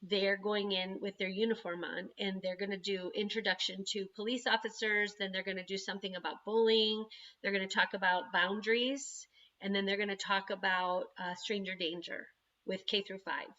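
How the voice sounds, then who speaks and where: A woman, the parent of an autistic son, chatting casually on a video call and telling stories in an animated way. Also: medium pitch, moderate pace, highs cut off. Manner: chatty, animated storytelling with frequent laughs. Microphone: computer microphone on a video call.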